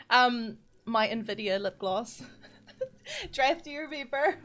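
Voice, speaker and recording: A woman's voice: on the high side, very animated, slow, pauses often, a bit bright. A woman, streaming live, chatting and giggling as she reads out chat messages between explanations. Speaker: streamer teaching map building. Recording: background music under the voice.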